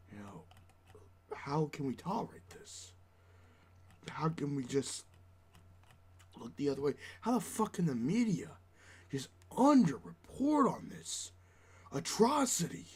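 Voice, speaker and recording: A man from the United States ranting angrily to camera as a vlogger, shouting and swearing heavily into his own recording setup. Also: mid-range voice, a little hiss or hum. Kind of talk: angry profane rant to camera. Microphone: own recording setup with adjustable gain.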